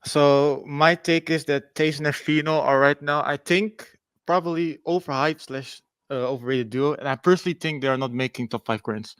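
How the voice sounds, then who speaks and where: A man's voice: on the high side, fairly even intonation, normal speed, a bit bright, clear, resonant tone, no echo. A man with a Dutch accent calling in to a podcast, giving his opinion hesitantly and hedging with fillers. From Netherlands. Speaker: caller.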